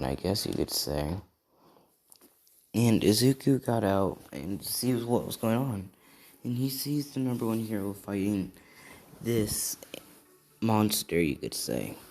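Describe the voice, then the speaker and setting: A man's voice: fairly low pitch, warm tone. Tired young man rambling a fan story. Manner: rambling, hedging, many fillers. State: tired, yawning. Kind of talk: improvised fan story narration.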